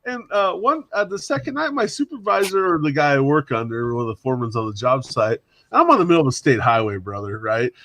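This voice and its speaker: Forties man, animated and lively, acts out others' lines mid-story; casual hangout chat. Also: a little high, quick pace, few pauses, slight background noise. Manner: animated storyteller who mimics others, laughs often.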